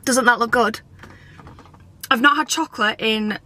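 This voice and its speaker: A woman's voice: a little high, unhurried, pushed and bright. A woman vlogging in a chatty, rambling way, often putting herself down. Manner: chatty, rambling, self-deprecating. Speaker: family vlogger. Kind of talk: casual vlog chat.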